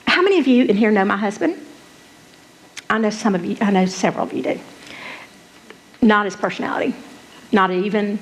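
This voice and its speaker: A woman's voice: medium pitch, fairly quick, pauses often, poor audio. A middle-aged woman giving a candid, emotional personal testimony as a conference speaker.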